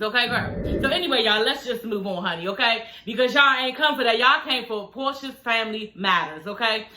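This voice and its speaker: A woman's voice: on the high side, sharp tone, echoey room. A woman vlogger recapping a reality show from home in casual, slangy chat, laughing often, her speech slightly slurred by new dental aligners.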